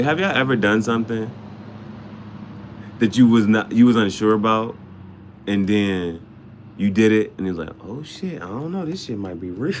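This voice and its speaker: A man vlogs in a loose, rambling monologue, slangy and full of swearing, hopping between topics and laughing a lot. His voice shoots high on sudden outbursts, and there's a little hiss or hum in the audio.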